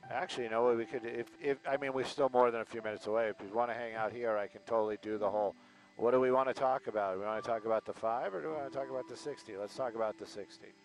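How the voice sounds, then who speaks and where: A man's voice: mid-range voice, very fast, rough recording. A man, casually thinking aloud as a live aerial news reporter, his voice cracking now and then. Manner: rambling, thinking aloud, self-deprecating.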